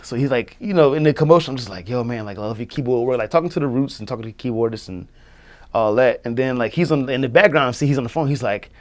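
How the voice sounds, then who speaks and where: A man's voice: mid-range voice, fast. A young man, a music producer, telling a story in casual chat, loose and full of fillers. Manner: loose, filler-heavy, many "like"s, acts out quotes.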